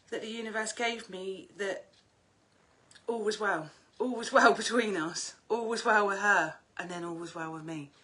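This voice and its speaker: A middle-aged woman, chatting casually on a livestream as an oracle card reader, talkative and prone to swearing. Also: medium pitch. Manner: chatty, animated, swears freely.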